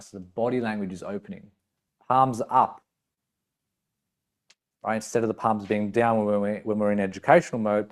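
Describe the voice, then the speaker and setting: Man teaching, "right?" after each point. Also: on the low side. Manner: explanatory, checks in with "right?" and "okay"; acts out short voice samples. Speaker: coach trainer. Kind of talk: teaching talk with demonstrations.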